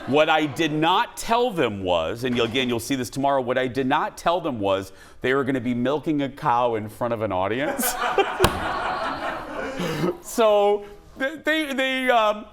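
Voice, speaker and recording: A man's voice: medium pitch, very animated, normal speed, hardly any pauses, a little hiss or hum. A male talk show host in his forties, from Minnesota, chatting casually and laughing often. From Minnesota, USA. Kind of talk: casual chat.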